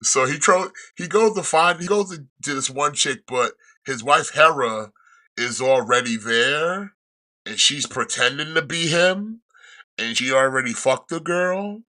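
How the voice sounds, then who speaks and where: A man hosting a podcast, retelling a series in casual chat with rambling, profane storytelling and quick restarts. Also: a little high, expressive, bright, forceful tone. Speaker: podcast host reviewing a show.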